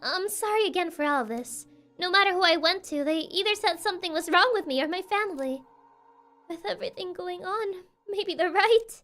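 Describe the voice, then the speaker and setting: A woman's voice: very high-pitched, expressive, moderate pace, bright, forceful tone, voice pushed up, exaggerated voice. A woman voicing an anxious young woman client who fears her family is cursed, reading game dialogue aloud in a pleading, distressed manner.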